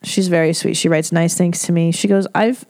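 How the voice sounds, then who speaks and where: A woman comedian hosts her podcast in casual chat, dishing out blunt, profane, motherly advice. Her voice sits low and warm. The sound is dry and close. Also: little pitch movement, a little fast, creaky, no room sound.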